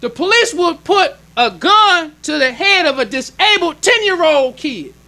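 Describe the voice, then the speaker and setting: Guy preaching a sermon, real high voice, bright and punchy, repeats himself a lot, talks plain and casual. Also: very animated, a little slow. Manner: emphatic preaching with repeated phrases; plainspoken, conversational delivery. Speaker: minister.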